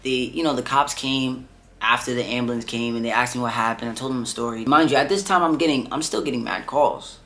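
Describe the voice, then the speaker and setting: A man's voice: mid-range voice, quick pace, bright, forceful tone. A young man telling a personal story in a casual vlog, rambling and leaning heavily on "like" and "bro". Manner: rambling, heavy on filler "like" and "bro". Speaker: vlogger.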